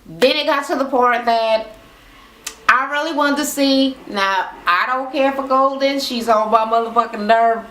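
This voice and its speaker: A woman's voice: a little high, a little slow, fairly bright tone. A woman recapping reality TV in a casual rant, blunt and swearing a lot. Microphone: camera mic. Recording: roomy echo.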